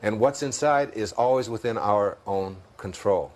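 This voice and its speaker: A man with a Detroit accent, a guest in an interview, reflects thoughtfully on spiritual ideas and often laughs as he tells his stories. His voice is fairly low and a little mellow, at a normal speed.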